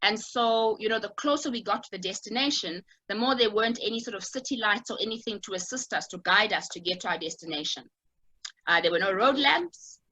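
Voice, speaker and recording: Bright, husky-voiced woman telling a story. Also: mid-range voice, fairly quick, low-quality recording. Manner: reflective, many "um" and "sort of" fillers. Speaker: speaker giving an online talk. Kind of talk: personal story told in a talk.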